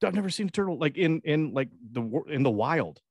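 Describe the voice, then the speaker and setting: A man's voice: a little high, expressive, brisk, husky, no echo. Male podcast co-host, rambling and laid-back, casual swearing, dry close recording. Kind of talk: casual comedic chat.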